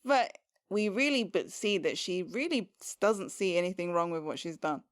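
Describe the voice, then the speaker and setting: A woman's voice: fairly low pitch, expressive, moderate pace, no echo, clean studio sound. A woman co-hosting a podcast in casual recap chat, blunt and wry, often laughing along. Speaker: podcast co-host. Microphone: podcast microphone.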